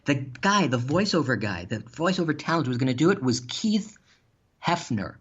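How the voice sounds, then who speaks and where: A man's voice: on the high side, moderate pace, slightly rough. Man animatedly telling funny stories. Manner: animated, laughs while telling anecdotes. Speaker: podcast guest. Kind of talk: casual storytelling. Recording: dull lo-fi sound.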